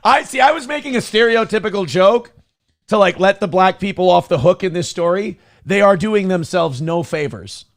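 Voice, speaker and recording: A man hosting a morning talk show, riffing crudely and mockingly on news clips with sudden loud outbursts. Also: high-pitched, expressive, normal speed, no room sound, studio quality. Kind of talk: casual comedic commentary on news clips.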